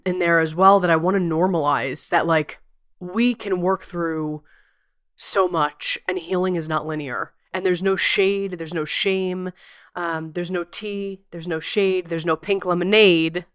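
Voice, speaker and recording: Expressive, cursing woman podcast host. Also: fairly low pitch, clear, resonant tone, dry recording, clean studio sound. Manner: expressive, swears freely, laughs often; playful slangy phrasing. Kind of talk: casual solo podcast talk. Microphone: computer's built-in mic, not her usual one.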